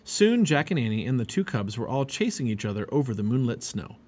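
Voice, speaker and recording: A man reading a children's chapter book aloud as a parent, animated and expressive. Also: medium pitch, a little fast. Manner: animated, expressive reading with many character voices. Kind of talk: storybook read-aloud.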